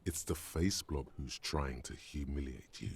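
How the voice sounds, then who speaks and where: A booming, bottom-of-the-barrel deep voice that lives inside a detective's head. It sounds husky and rough, and it presses its advice with grave insistence. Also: male voice, a little slow, exaggerated voice. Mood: grave urging.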